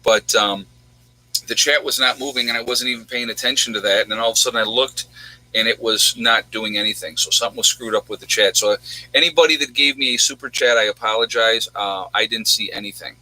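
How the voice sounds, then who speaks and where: Man with a sharp, bright voice. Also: medium pitch, steady tone, brisk, poor audio. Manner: rambling, chatty, answers viewers' questions. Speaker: livestream host. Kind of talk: casual livestream chat.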